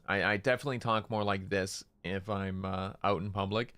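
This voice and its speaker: Low, gravelly, laid-back male streamer. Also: no room sound. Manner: relaxed, low-key, not very expressive; deliberately speaking in his lower register. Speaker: livestreamer. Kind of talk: casual chat while streaming a game.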